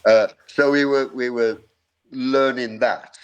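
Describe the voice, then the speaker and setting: A man's voice: mid-range voice, fairly even intonation, takes it slowly, clear, resonant tone, lo-fi sound. An older man, a musician guest in a casual interview, telling rambling anecdotes with repeated words and frequent laughs.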